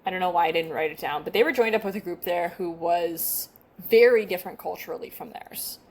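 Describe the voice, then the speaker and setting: A woman's voice: on the low side, a little fast, a little mellow. Chatty woman podcast co-host. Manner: chatty, self-deprecating, stumbles over names. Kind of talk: casual chat, reading from notes.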